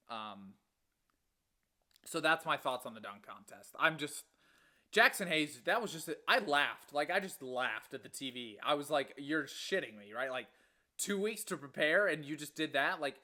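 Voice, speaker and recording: A young man in his twenties ranting on a casual sports podcast, his voice bright and forceful. He sounds exasperated and swears freely, pitched a bit above most men. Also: animated, a little slow. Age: 20s. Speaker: podcast co-host.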